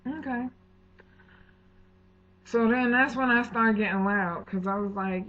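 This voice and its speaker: A woman's voice: a little high, unhurried, long pauses. Indignant woman telling a storytime vlog. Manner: heated, indignant retelling with slangy asides and quoted dialogue. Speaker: vlogger. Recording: tinny phone-like audio.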